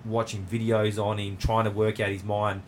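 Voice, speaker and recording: A man's voice: fairly low pitch, level tone, normal speed, slight background noise. A man with an Australian accent hosting a casual interview, talking in a rambling, laid-back way with lots of fillers. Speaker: podcast host and jiu-jitsu academy owner.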